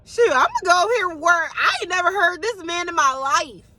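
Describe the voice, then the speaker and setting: A woman voicing a sassy, blunt young biblical woman with a high, brassy voice during a devotional talk. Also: very animated, brisk, sharp tone, dry recording, full character voice. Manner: blunt and teasing.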